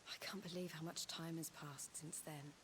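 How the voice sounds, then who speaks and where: An actress playing a wistful young warrior woman in a video game, speaking softly and reflectively. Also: sits low, steady tone, moderate pace, noisy background, natural voice. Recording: game audio with music behind.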